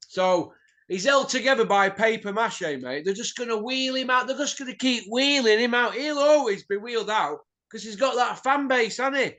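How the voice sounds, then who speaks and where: A middle-aged man hosts a boxing show, ranting bluntly in opinionated chat, swearing and tossing in tag questions. His voice is very high-pitched and sharp in tone, at a moderate pace.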